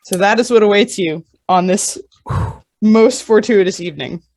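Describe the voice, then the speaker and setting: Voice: medium pitch, normal speed, a little mellow. A game master playfully revealing the encounter to the players. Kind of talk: casual tabletop game chat.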